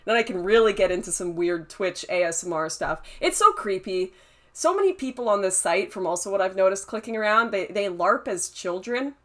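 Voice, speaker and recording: A young adult woman hosts a casual livestream, reading and answering chat comments while chatting and laughing often. Her medium-pitched voice is brisk and a bit bright, with lively intonation.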